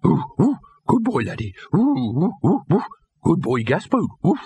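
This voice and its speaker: A big, friendly, not very bright dog, as a male narrator puts him on yelps and barks with eager joy. The sound jumps well above the reader's normal pitch and comes out loud and simple. It is recorded dry and close. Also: wildly swooping pitch, normal speed, slightly rough, dry recording, heavily acted. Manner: barking, eager, simple-minded.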